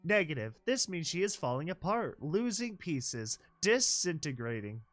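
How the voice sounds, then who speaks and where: A man's voice: a little high, big pitch swings, normal speed, a bit bright. A man voicing an automated machine voice that speaks in clipped, literal, mechanical phrases in a storybook reading.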